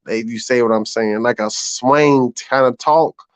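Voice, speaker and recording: A man's voice: mid-range voice, measured pace, dry recording. A man in his thirties from South Carolina, with a Southern US accent, chatting casually on a stream, drawling and swearing freely. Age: 30s. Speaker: guest on a live stream panel. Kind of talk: casual chat. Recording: dull lo-fi call audio.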